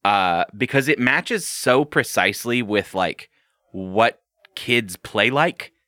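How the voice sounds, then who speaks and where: A man co-hosting a podcast in casual, animated chat, swearing and laughing often. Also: mid-range voice, slow, no room sound, clean studio sound. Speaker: podcast co-host.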